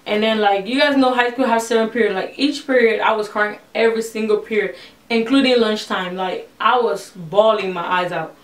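A woman's voice: mid-range voice, normal speed. A young woman casually telling a personal story as a vlogger, acting out the conversations she quotes. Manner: chatty, retells conversations with quoted voices. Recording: roomy, a little distant from the mic.

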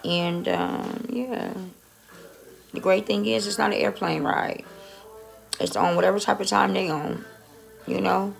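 A woman's voice: medium pitch, fairly even intonation, unhurried, vocal fry, pauses often, soft background music. A woman vlogging casually on her phone from a dentist's office, chatty and rambling and swearing often. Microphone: phone held close.

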